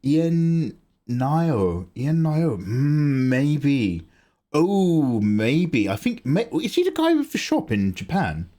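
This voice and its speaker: A man's voice: medium pitch, takes it slowly. A young man casually chatting on an art livestream, theatrical and grumbling, with swearing. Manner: animated, theatrical complaining with swearing.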